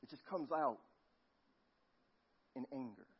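A middle-aged man preaching a sermon, telling a family story and dropping to a near hush at tender moments. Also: medium pitch, expressive, takes it slowly, slightly rough. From Los Angeles. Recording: muffled lo-fi sound.

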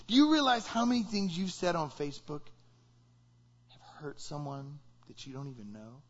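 A man with a fairly high voice preaches a sermon in a conversational way. He keeps asking his listeners questions. The recording sounds a little dull and lo-fi. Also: moderate pace. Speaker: pastor.

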